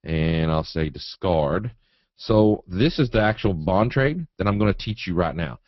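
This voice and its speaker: A man teaching a live trading webinar in a folksy, animated way, acting out quotes and chart moves. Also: sits low, unhurried, dry recording. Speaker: trading educator. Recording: dull, dry webinar audio.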